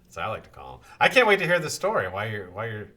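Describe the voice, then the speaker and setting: A man hosting a live stream, chatting casually and greeting viewers in the chat one by one, swinging from loud calls to low muttering and swearing freely. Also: wildly swooping pitch, rapid-fire, a loud crowd.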